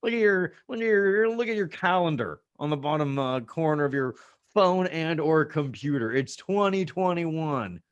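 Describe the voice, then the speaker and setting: A man's voice: on the high side, normal speed, clear, resonant tone, dull audio. A young man doing a loose, sarcastic stand-up set over a video call, full of asides and banter. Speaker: stand-up comedian.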